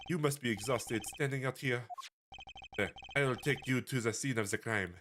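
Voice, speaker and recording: A man's voice: mid-range voice, moderate pace, background noise, close to an everyday voice. Man doing a flirty rock-star prosecutor. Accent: fake French. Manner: smooth, theatrical charm. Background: game music.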